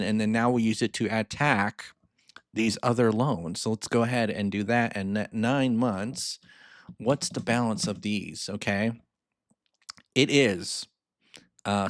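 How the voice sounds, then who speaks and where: A man's voice: medium pitch, no room sound, clean studio sound. Upbeat man walking through spreadsheet math. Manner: upbeat, reads numbers aloud twice and checks in with "right?". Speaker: finance mentor. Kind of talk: screen-share spreadsheet tutorial.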